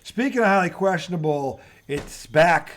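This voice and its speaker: A man co-hosting a sports talk show in loose, profane chat. His pitch sits a little high and swings widely as he gets worked up. He often trails off and starts his sentences over. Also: normal speed. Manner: animated, swearing freely, trails off and restarts.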